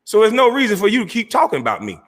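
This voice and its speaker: Confrontational male streamer host, mocking tone, bright forceful voice. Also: high-pitched, wildly swooping pitch, very fast, in a large hall. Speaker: online show host. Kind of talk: heated livestream rant.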